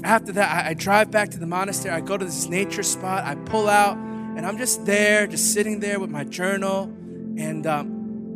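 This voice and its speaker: A man's voice: sits high, moderate pace, music in the background. A man giving a candid, humorous sermon testimony, telling his story with frequent filler words. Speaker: preacher.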